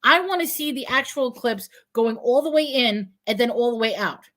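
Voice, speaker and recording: A woman hosting a live online chat, talking in an animated, questioning way. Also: on the high side. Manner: animated, questioning, puts on a cutesy sing-song for props. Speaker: host. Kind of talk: casual live-stream chat.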